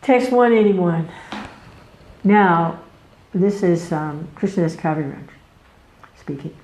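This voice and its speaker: A woman giving a devotional scripture class, telling the stories in an animated way, laughing often and jumping up in pitch. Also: slow pace, reverberant, low-quality recording.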